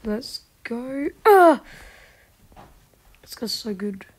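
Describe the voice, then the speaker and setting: A woman hosting a gaming channel, giving casual gameplay commentary with excitable, frustrated outbursts. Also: on the high side, slow pace.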